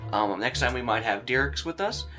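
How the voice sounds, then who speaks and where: A man's voice: medium pitch, lively intonation, a little fast, pushed and bright, soft background music. A man running a tabletop horror game as game master, joking and loose in his talk.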